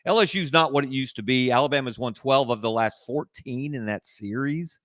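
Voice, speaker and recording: A man guesting on a sports talk show, making measured, analytical points over a video call in a casual discussion. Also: mid-range voice, a bit bright, dry recording, clean studio sound.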